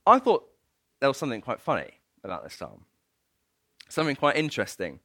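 Preacher telling a bible story, lively and jokey, bright tense voice, dry sound. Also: male voice, medium pitch, brisk, no room sound. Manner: animated and playful, often laughing. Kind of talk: sermon with storytelling.

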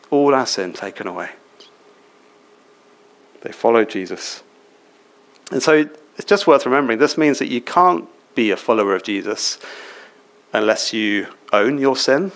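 Male preacher, conversational sermon, asks questions of the congregation, mid-pitched. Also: fairly bright tone. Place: church.

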